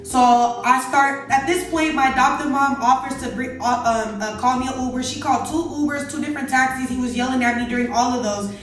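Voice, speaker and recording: A woman's voice: high-pitched, steady tone, fairly quick, few pauses, a bit bright, recorded from a distance. A young adult woman telling a casual story, chatty and exasperated, talking straight to her viewers. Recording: very echoey room, away from mic, faint music.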